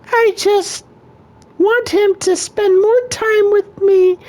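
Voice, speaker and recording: A man voicing a young wife who complains in a needy falsetto. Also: fairly even intonation, slow, a little mellow. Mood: whiny. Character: high-voiced whiny young wife.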